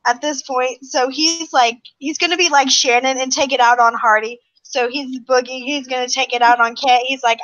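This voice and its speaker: High-voiced woman on a muffled line. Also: steady tone, moderate pace, few pauses, fairly bright tone, no room sound. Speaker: podcast co-host. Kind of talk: casual reality-show recap chat. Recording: dull, muffled recording.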